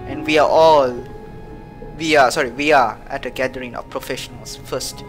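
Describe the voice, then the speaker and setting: A woman's voice: rumbling low, fairly even intonation, moderate pace, soft background music. Playful woman streamer narrating a game. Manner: playful, hums and reads game text aloud. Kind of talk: live let's-play commentary.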